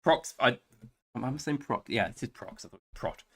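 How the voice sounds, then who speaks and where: His voice is mid-range, sharp and husky, at normal speed. The English streamer chats loosely while playing a strategy game live, answering viewers by name with rambling, wry humor.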